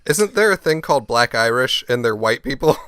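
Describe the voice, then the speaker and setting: Mid-pitched man, dry close sound. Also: expressive, brisk, fairly bright tone, smooth, no room sound. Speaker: podcast co-host. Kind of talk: casual chat.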